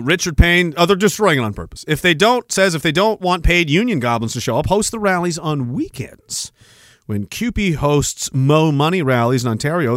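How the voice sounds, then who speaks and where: A man's voice: on the high side, a bit bright, no room sound. A man hosting a podcast, ranting about politics in a profane, sarcastic way. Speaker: podcast host.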